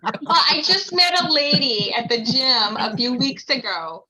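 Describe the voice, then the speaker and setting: A woman's voice: high-pitched, lively intonation, measured pace, crowd noise, low-quality recording. A woman hosting a podcast, chatting casually in an effusive, enthusiastic way. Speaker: podcast host. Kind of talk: casual chat.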